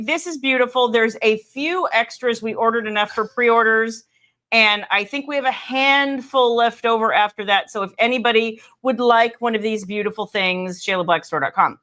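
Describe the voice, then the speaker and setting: Chatty woman hosting a livestream, brightish higher voice, teasing asides. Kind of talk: casual livestream chat.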